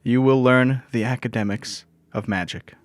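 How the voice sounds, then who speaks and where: A man's voice: mid-range voice, normal speed, no echo, studio quality, close to an everyday voice. A man voicing a magical female chalkboard who lectures solemnly. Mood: lecturing.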